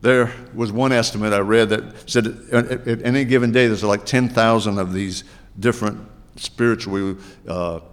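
Low-voiced preacher in a reverberant hall. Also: male voice, steady tone, normal speed, clear, resonant tone. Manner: conversational preaching with asides and rhetorical questions. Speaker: pastor. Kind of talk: sermon. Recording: long reverb of a large hall.

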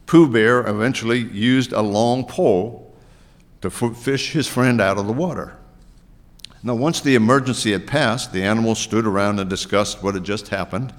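Pastor guy giving a sermon, lowish voice, chatty asides, big hall echo. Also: moderate pace. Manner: conversational preaching with asides and rhetorical questions. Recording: long reverb of a large hall.

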